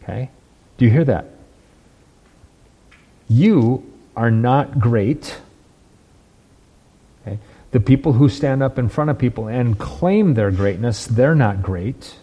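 Husky-voiced male preacher, emphatic. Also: mid-range voice, animated, slow pace, pauses often, mellow. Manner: emphatic, checks in with "right?" and "okay?"; repeats and restarts words while building points. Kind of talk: sermon.

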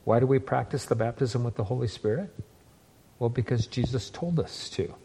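A male pastor delivers a sermon in an earnest, plain-spoken voice. His tone is mellow and warm, and he slows down to press key words home. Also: mid-range voice, vocal fry, slight background noise. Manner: earnest preaching, slows down for emphasis, restarts phrases.

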